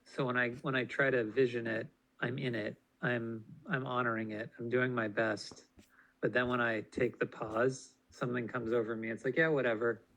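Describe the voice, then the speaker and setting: A man talking reflectively in a group discussion, halting and searching with many fillers. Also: medium pitch, little pitch movement, a bit bright, poor audio.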